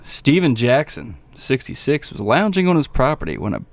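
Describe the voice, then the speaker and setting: A man in casual podcast chat, reading news clips aloud and tossing in crude, blunt reactions. His voice sits mid-pitch and is recorded dry and close, with no room sound around it. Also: sing-song, moderate pace, gravelly, dry recording. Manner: profane, blunt, reads news items aloud. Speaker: podcast co-host.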